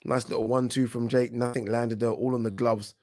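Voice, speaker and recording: A man with a British accent giving casual live commentary on a boxing match for his channel, chatty and quick to react, often restarting his words. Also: mid-range voice, level tone, darkish tone. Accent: British English. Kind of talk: live watch-along fight commentary.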